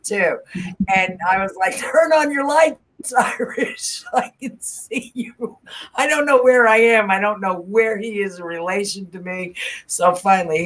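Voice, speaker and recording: A woman co-hosting a casual podcast chat, laughing often and poking fun at herself. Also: on the low side. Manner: laughs often, self-deprecating. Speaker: podcast co-host.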